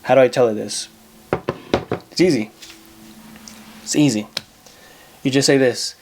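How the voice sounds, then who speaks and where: A man's voice: medium pitch, measured pace, pauses often, darkish tone. A man with a mid-range voice hosts a casual advice monologue on his own. He talks bluntly, swears freely and says things twice to drive a point home. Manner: blunt, profane, repeats himself for emphasis. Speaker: advice show host.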